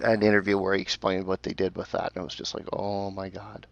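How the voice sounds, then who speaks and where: A man's voice: deep voice, level tone, fast, creaky, no echo. A man in casual podcast chat, picking apart movie theories with frequent restarts and self-corrections. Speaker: podcast co-host. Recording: dry, muffled lo-fi audio.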